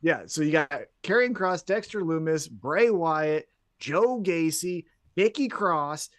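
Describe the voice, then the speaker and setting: A man co-hosting a casual wrestling podcast, chatty and halting, with sarcastic asides. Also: a little high, expressive. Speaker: podcast co-host.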